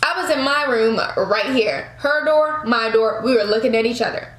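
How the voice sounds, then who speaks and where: A young woman in her twenties tells a storytime to her viewers, animated and fond of y'all. Her voice sits fairly high, and her talk rings in an echoey room. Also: normal speed. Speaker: vlogger.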